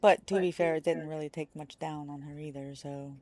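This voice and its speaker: A young adult woman streaming a game, excitable and swearing freely as she chats. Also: low voice, a little fast. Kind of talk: casual gameplay chat.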